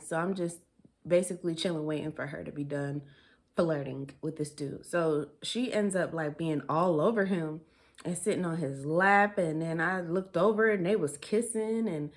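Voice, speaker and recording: Chatty woman telling a story. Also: lowish voice. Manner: chatty, laughs often, dialect grammar. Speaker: storytime vlogger. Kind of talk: casual storytelling.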